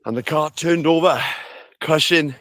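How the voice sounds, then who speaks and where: A man's voice: a little high, unhurried, fairly bright tone, dry recording. A man vlogging outdoors in the countryside, who swears freely and coos at animals in a sing-song voice. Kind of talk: casual walking vlog. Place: countryside lane and farm, outdoors.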